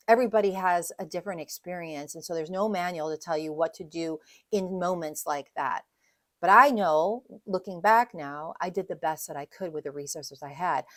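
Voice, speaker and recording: Middle-aged female coach, low-pitched, earnest and chatty, dry close sound. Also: no echo. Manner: earnest, conversational, lists numbered steps. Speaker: widowhood coach. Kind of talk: casual podcast talk, advice monologue.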